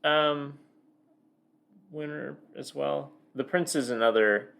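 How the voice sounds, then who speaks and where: A man's voice: fairly high pitch, slow pace, vocal fry, fairly bright tone, smooth. Rambling male podcast co-host. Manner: rambling, many fillers and restarts. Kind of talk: casual book discussion.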